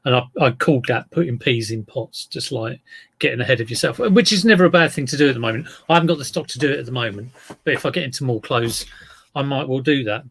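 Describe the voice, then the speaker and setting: A man's voice: mid-range voice, fast, gravelly, fairly bright tone, husky. A middle-aged man chatting casually on a live stream as an eBay reseller, rambling and greeting viewers by name.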